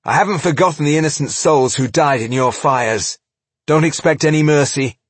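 A man's voice: on the high side, normal speed, no room sound, voice pushed up, close to an everyday voice. A man voicing a grim, stubborn dwarf. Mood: defiant. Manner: firm, defiant. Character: stubborn male dwarf scholar-warrior, grim. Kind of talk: audiobook character voice.

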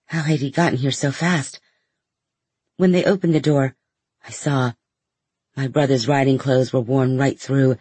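A man narrates a first-person novel as an audiobook in a measured, steady storytelling manner. His mid-range voice has a husky edge. The recording is close and dry, with no room sound. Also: medium pitch, dry recording.

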